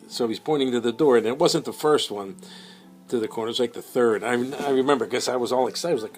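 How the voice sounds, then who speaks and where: A man's voice: medium pitch, quick pace. A man casually telling a long anecdote, rambling with many fillers and slipping into quoted voices. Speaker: storyteller.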